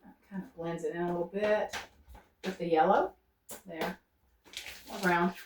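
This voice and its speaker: A woman's voice: lowish voice, steady tone, moderate pace, a little hiss or hum. A woman talking through her painting as she works, thinking aloud and coaxing herself to stay loose and not fuss over details. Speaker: painter demonstrating. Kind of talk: unscripted painting demonstration. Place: art studio. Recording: roomy studio sound from a distance.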